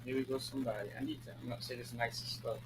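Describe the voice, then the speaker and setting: He rattles off his casual talking-head monologue rapid-fire in a mid-range voice with fairly even intonation. As host of his own show, this man from Maryland is sassy and flamboyant, calling viewers honey and girl, swearing freely, and repeating lines emphatically like a preacher. The low-quality recording carries slight background noise.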